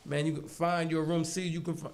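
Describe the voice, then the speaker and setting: A man from Harlem, New York, guesting in a casual interview, tells stories animatedly, acting out prison dialogue and laughing often. His voice is a little high and fairly quick, with a reverberant sound.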